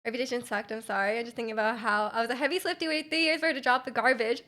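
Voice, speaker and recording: A woman's voice: fairly high pitch, fairly even intonation, rapid-fire, sharp tone. A young Canadian woman streaming live, chatting casually with her viewers, giggling and rambling with many restarts.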